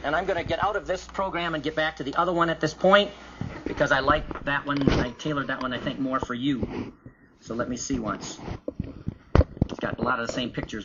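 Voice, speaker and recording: A man giving an animated Bible teaching and acting out the voices of biblical figures. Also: mid-range voice, a little fast, heavy background noise. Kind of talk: teaching sermon with acted quotes. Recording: muffled lo-fi recording of a talk.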